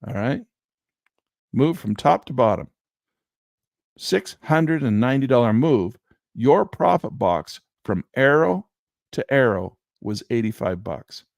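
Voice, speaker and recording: A man's voice: medium pitch, animated, unhurried, vocal fry, pauses often, dry recording, clean studio sound. A man teaching chart trading on a screen share, talking emphatically with rhetorical asides. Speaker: trading instructor.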